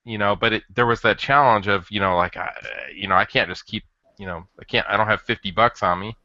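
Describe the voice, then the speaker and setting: A man co-hosting a casual podcast chat, rambling and halting, restarting his sentences often. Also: lowish voice, sharp tone, no echo. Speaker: podcast co-host. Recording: dull lo-fi dry audio.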